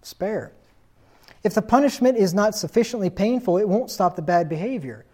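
A man's voice: sits high, expressive, moderate pace, mellow. A man preaching a sermon in a stern, insistent tone, reading scripture aloud and asking rhetorical questions.

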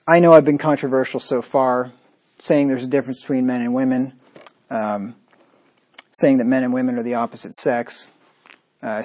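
A man's voice: mid-range voice, darkish tone. A man preaching a sermon, emphatic and repetitive, with a sarcastic, mocking edge. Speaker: pastor.

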